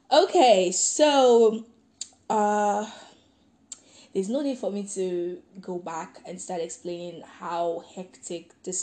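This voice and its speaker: Young woman podcast host, mellow and chatty, giggly, reads aloud with feeling. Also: mid-range voice. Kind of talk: casual podcast monologue.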